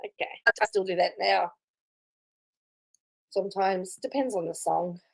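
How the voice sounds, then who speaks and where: A woman's voice: mid-range voice, fairly even intonation, unhurried, vocal fry, a little mellow, poor audio. A woman hosting casual live commentary on a video, chatty, reading viewer comments aloud and laughing often. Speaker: commentary host reacting to a video.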